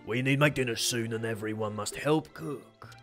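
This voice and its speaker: A man putting on a deep, gruff voice for a grumpy, hungry Nopon creature, speaking slowly in broken grammar. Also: a bit bright, faint music behind, close to an everyday voice.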